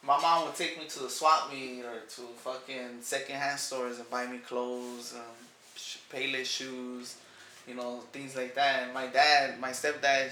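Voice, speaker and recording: A man's voice: mid-range voice, sharp tone. A young adult man in casual podcast chat, talking loosely with a lot of "like" and "you know" and dropping in Spanish phrases. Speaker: podcast co-host. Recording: echoey room with faint noise.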